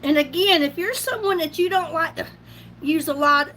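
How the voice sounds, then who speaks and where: A middle-aged woman with a drawl talks through a casual makeup livestream in a high, bright voice. She is chatty and laughs easily, and she breaks off to greet viewers by name. A faint room hum sits behind her. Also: moderate pace. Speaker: beauty livestream host. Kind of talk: casual makeup live chat.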